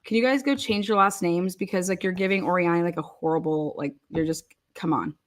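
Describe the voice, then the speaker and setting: A woman's voice: fairly low pitch, a little fast. A woman telling stories in casual chat, swearing freely, laughing often and filling her talk with "like". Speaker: online commentator. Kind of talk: casual profane storytelling.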